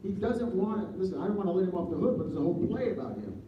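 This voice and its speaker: A man talking casually as an interview guest, telling rambling, animated stories with lots of restarts. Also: high voice, very fast. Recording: distant mic, echoey room, dull sound, faint noise.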